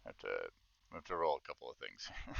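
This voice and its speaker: A man's voice: very deep voice, animated, a little fast, creaky, a bit bright, highs cut off. A man running a tabletop game as dungeon master on a livestream, chatting casually and reading scene narration. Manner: casual, thinking aloud between scripted narration.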